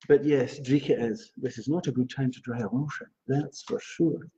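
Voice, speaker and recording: A Scottish man hosting a live psychic reading stream, chatty and animated, reading out viewers' names. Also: a little high, normal speed, hardly any pauses. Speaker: psychic astrologer host. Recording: dull lo-fi livestream audio.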